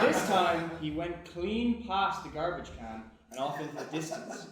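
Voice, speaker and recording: A man's voice: fairly high pitch, huge pitch swings, slow pace, far from the mic, very noisy. A man playing in a live improv tabletop game, narrating his character playfully. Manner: playful, laughing storytelling. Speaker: player. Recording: echoey live theatre, music behind.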